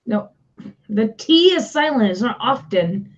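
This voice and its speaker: A woman's voice: on the high side, expressive, moderate pace, dull audio. A woman co-hosting a live stream, chatting casually in a playful, teasing way. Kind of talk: casual chat.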